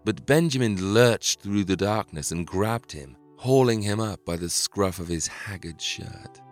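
A man narrating a scripted historical story in a measured, dramatic way. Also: fairly low pitch, animated, faint music behind.

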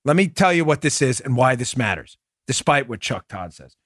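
Animated mocking male podcast host. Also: medium pitch, moderate pace, no echo, clean studio sound. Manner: mocking, animated, laughs at clips. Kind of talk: political commentary podcast.

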